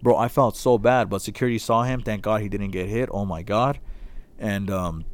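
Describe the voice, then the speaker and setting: A young man chatting casually, telling an animated story full of cursing and slang. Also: fairly low pitch, normal speed. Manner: animated storyteller, heavy cursing, acts out voices.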